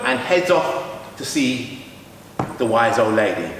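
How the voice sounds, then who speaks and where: Guy reading a kids story, slow and animated, roomy echo, far from the mic. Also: high voice, slight background noise. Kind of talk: storytelling to children.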